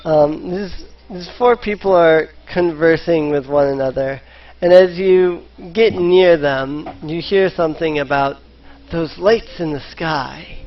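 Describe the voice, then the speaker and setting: A man's voice: fairly high pitch, unhurried, hardly any pauses. A man narrating as game master of a tabletop game, hesitant and full of ums. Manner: hesitant, lots of ums and restarts. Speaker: dungeon master. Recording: slightly muffled voice chat.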